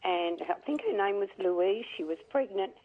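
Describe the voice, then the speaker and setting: A woman calling in to a radio show, hoarse and losing her voice, talking haltingly as she searches for words. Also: medium pitch, lively intonation. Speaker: caller. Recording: tinny phone line.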